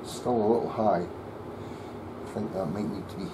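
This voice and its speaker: Luthier, low voice, half-muttered workshop commentary, noisy room. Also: male voice, fairly even intonation, unhurried. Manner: muttering to himself while working.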